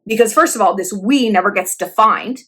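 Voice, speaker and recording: A woman's voice: mid-range voice, moderate pace, fairly bright tone, slightly rough. A woman hosting a pop-culture commentary vlog, sassy, profane and sarcastic, slipping into voices for the people she quotes. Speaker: vlog host.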